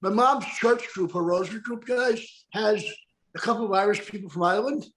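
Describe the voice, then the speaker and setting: Sex: man. Role: host. Style: casual talk-show chat. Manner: rambling, tag questions. Pitch: high. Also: brisk, a bit bright. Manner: chatty, rambling, checks in with asides.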